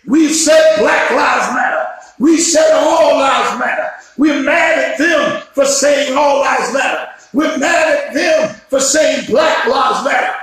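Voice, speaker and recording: A bishop preaching a sermon, rising to shouts in a preaching cadence. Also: male voice, very high voice. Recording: very echoey room.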